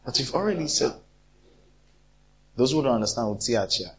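A man's voice: medium pitch, normal speed, a little hiss or hum. A man preaching a sermon, acting out quarrels as he talks. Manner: animated, acts out quarrels in different voices. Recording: dull lo-fi recording.

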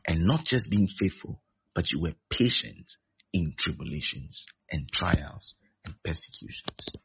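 A man's voice: low-pitched, expressive, a little slow, vocal fry, a bit bright, a little hiss or hum. A man preaching a sermon, emphatic and repeating his key phrases. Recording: dull lo-fi recording.

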